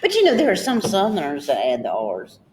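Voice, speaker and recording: Southern woman, lowish voice, chatty storyteller, faint background hiss. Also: wildly swooping pitch, brisk, darkish tone, roomy sound. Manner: storytelling, acting out conversations. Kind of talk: casual chat.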